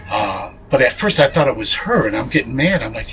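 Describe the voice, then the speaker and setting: A man's voice: mid-range voice, sing-song, brisk, fairly bright tone, slight background noise, low-quality recording. A man being interviewed as a paranormal investigator, telling a ghost story earnestly, with many fillers and restarts.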